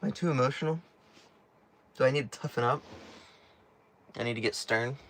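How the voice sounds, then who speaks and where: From inside a small tiny house, a man hosts a casual live stream, reading questions from chat, cracking jokes, and laughing often. His mid-range voice is fairly quick and a bit bright, and it cracks now and then in his chatty delivery. Slight background noise can be heard.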